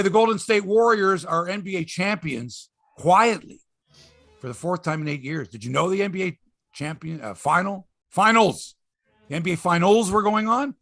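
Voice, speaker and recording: A man hosting a sports podcast, talking casually and bluntly, swearing freely and breaking into animated rants. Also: sits high, vocal fry, dry recording.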